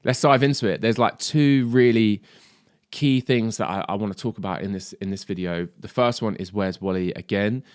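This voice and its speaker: A man's voice: fairly low pitch, normal speed, a little mellow, no echo, clean studio sound. A man teaching drums in a casual video lesson, chatty and swearing, often saying "mate" and "do you know what I mean". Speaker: drum teacher.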